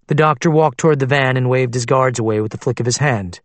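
A man narrating a thriller audiobook in a steady, even storytelling manner. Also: mid-range voice, quick pace, hardly any pauses, no echo.

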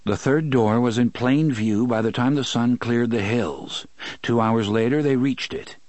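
A man narrating an audiobook in a measured, steady reading, close to the mic. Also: medium pitch, no room sound. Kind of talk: scripted narration.

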